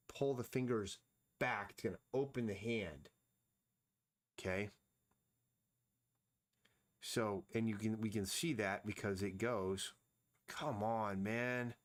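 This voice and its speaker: A man's voice: lowish voice, slow, long pauses, fairly bright tone. A man streaming himself as he draws, talking casually and thinking aloud, often mumbling to himself. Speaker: comic artist streaming his drawing. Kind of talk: casual live-stream narration while drawing.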